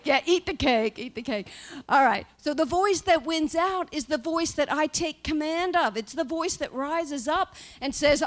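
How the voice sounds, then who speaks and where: A woman minister giving a conversational spiritual talk to a live group, often asking her listeners "right?". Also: high voice.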